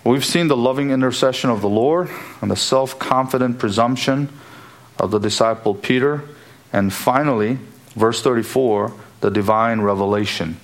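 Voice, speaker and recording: Male preacher, low voice, emphatic sermon delivery, repeats key phrases.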